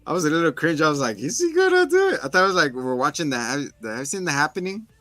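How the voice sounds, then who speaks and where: Bright-voiced man retelling a movie. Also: on the high side, rapid-fire, no room sound, soft background music. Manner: animated, acts out movie scenes in voices. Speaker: podcast co-host. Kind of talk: casual movie review chat.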